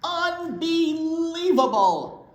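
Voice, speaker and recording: A woman voicing a grumpy, exasperated male bear who bursts out with loud, outraged cries. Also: high-pitched, extremely slow, voice pushed up. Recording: roomy echo.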